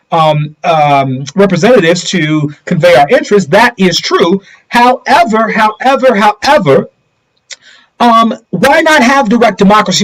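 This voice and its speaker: A man's voice: high-pitched, low-quality recording. A middle-aged man hosting a casual political commentary livestream, talking straight to viewers and asking them rhetorical questions.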